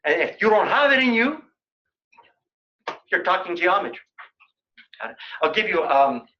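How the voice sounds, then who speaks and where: A man's voice: sits high, very animated, a little slow, highs cut off. An older man giving a colloquium lecture in a lecture room, telling joking anecdotes in a chatty way.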